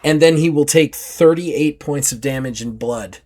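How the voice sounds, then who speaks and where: A man's voice: on the high side, unhurried. A man narrating as game master of a tabletop game, telling the action vividly and in a loose way, with many fillers. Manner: vivid, animated storytelling with filler "like".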